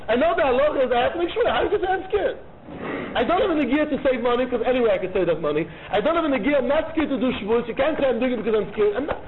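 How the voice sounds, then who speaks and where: A man teaching a Talmud lecture, arguing both sides of the case in an animated way and repeating key phrases. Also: very high voice, rapid-fire. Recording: tinny phone-like line with faint noise.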